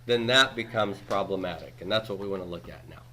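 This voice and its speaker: A man's voice: low-pitched, brisk, pushed and bright. A man in his forties teaching a Greek grammar class, patiently explaining and checking in with students with "okay?" and "right?". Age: 40s. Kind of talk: classroom lecture.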